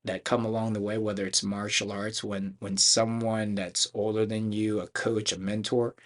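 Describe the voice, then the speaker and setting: Deep-voiced man telling rambling stories. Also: flat delivery, normal speed. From Philadelphia, United States. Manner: chatty, rambling with many restarts and fillers. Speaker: karate school owner and chief instructor, podcast guest. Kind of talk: casual storytelling interview.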